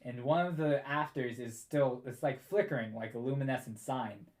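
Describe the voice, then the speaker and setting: A man's voice: medium pitch, normal speed, a little mellow. A man narrating as dungeon master in a casual, rambling way. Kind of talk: narrating a tabletop game.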